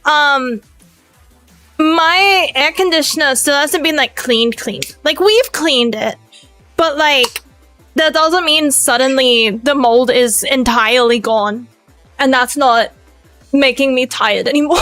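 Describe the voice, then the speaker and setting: A woman with an Australian accent chatting on a live stream, energetic, loud and rambling. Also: high voice, slow pace, no room sound, soft background music, poor audio. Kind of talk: casual live-stream chat.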